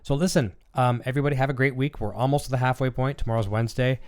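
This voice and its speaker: A man's voice: medium pitch, fairly even intonation, very fast, darkish tone, clear, resonant tone. A man hosting a casual live-stream chat with his son, talking loosely and filling gaps with ums and uhs. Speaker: channel host and father.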